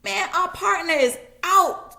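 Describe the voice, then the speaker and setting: A woman's voice: high-pitched, a little slow, fairly bright tone. A woman giving a casual Bible lesson, retelling the story in everyday slang and acting out voices. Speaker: Bible teacher.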